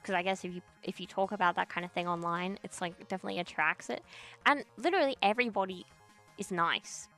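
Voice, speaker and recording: A woman's voice: lowish voice, fast, bright, forceful tone, soft background music. A young woman streamer in a casual chat, ranting bluntly with lots of swearing and slang while reacting to chat.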